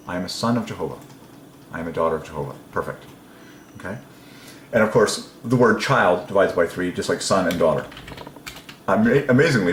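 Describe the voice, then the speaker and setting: A man's voice: low-pitched, fairly bright tone, echoey room, slight background noise. A man giving a casual devotional lecture as a video host, marvelling and laughing often, with repeated okays. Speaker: religious numerology video host.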